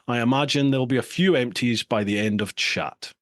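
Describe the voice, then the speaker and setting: A man's voice: mid-range voice, animated, brisk, few pauses, no echo. A man from the UK hosting a casual podcast chat, reading out listener questions with plenty of banter and laughter. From United Kingdom. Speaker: podcast host.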